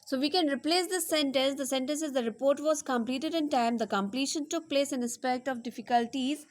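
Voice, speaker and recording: Her high-pitched voice carries through a slow-paced lesson as she reads out sample sentences. She dictates word by word, saying each one again.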